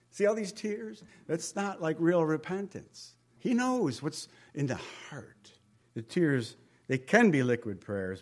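A man preaching a conversational sermon in a folksy way, with joking asides and questions to the congregation. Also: medium pitch. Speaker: pastor.

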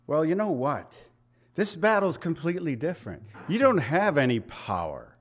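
A pastor preaches with a fairly high, very animated male voice at a brisk clip. His sermon is conversational and emphatic, peppered with rhetorical questions aimed at the congregation.

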